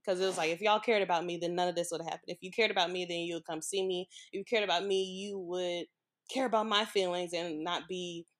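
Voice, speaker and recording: Young woman from the midwest opening up on a podcast, casual and blunt, laughs things off. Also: medium pitch. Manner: frank and informal, laughs through hard memories. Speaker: podcast guest. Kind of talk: candid personal storytelling.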